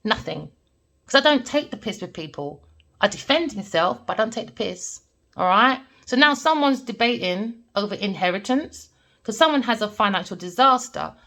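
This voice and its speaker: A woman with a Jamaican family background, a tarot reader telling stories and giving a reading in an animated, emphatic way. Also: mid-range voice, normal speed. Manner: animated, emphatic, repeats points with "all right?". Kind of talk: casual storytelling and tarot reading.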